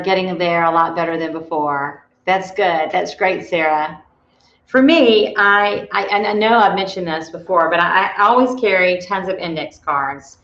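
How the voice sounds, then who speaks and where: A motivational workshop leader with a lowish, slightly bright voice talks in a chatty, storytelling way about her own life, often restarting. The audio is roomy and dull.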